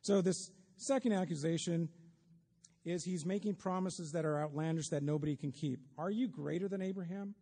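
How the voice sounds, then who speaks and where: A man's voice: fairly high pitch, normal speed, mellow. A man preaching a sermon, talking conversationally to the congregation with wry asides, in a church sanctuary. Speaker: pastor. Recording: long reverb of a large hall.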